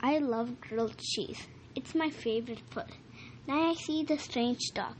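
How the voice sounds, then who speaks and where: Woman, storybook reader, high voice, slow and clear, children's narration. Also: a little hiss or hum, poor audio. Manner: slow, clear, first-person dog narration. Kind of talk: reading a children's story aloud.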